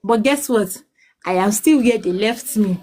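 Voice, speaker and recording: A Nigerian woman in her late thirties, mixing English and Pidgin, telling her life story as a mother in a pleading, halting way. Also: medium pitch, darkish tone, a little hiss or hum. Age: 30s. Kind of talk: emotional personal testimony.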